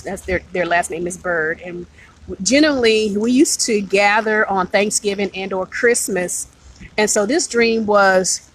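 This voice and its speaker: A woman's voice: mid-range voice, fairly bright tone, poor audio. A woman hosting a live stream, telling a personal spiritual story in an earnest, emotional way and greeting viewers as she goes.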